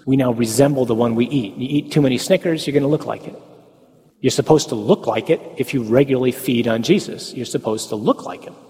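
A man's voice: medium pitch, fairly quick, dark tone, in a large hall, slight background noise. A man giving a conversational talk on the Mass to a parish group, asking rhetorical questions, tagging lines with "huh?" and slipping in folksy humorous asides.

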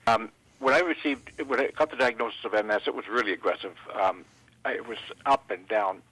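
Man, from Canada, interview guest, husky voice, dry sound, halting speech with restarts. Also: on the low side, sharp tone, dry recording, rough recording. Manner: halting, many fillers and restarts.

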